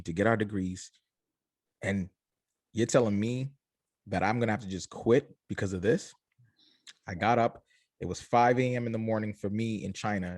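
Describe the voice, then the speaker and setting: A young adult man, a company founder, telling his story in an interview, animated and acting out family voices. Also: fairly low pitch, no echo, studio quality.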